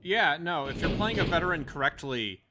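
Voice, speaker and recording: A man's voice: fairly high pitch, animated, fairly quick, heavy background noise. A man chatting casually on a live stream, with dry sarcastic remarks. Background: game music.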